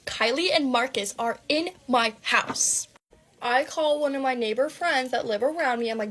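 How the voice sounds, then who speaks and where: A woman's voice: a little high, normal speed, fairly bright tone. A young woman telling a dramatic personal story in a breathless, gossipy way, swearing freely.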